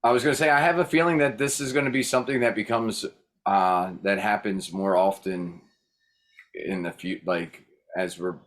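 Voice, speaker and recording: A man's voice: sits low, fairly bright tone. A man chatting casually on a video call, rambling and hesitant with frequent restarts. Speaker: workshop host.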